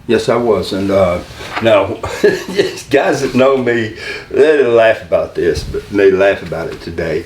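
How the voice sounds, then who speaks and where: An older man, a wrestling manager, telling stories in an interview, halting and rambling and acting out the voices of the people he quotes. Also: lowish voice, a little mellow. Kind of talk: storytelling interview. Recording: roomy room, mic a little far, faint noise.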